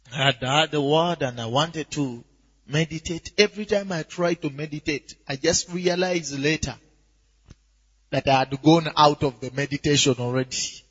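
A man preaching a sermon with lively swings from quiet asides to shouts, often asking if the crowd is with him. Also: a little high, slightly rough. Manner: animated, rising to shouts, asks "are you with me?". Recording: dull echoey hall recording.

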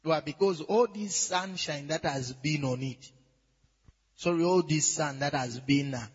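A man preaching a sermon, measured and then rising to loud, high-pitched exclamations. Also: breathy edge. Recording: dull sound in a reverberant hall with faint music.

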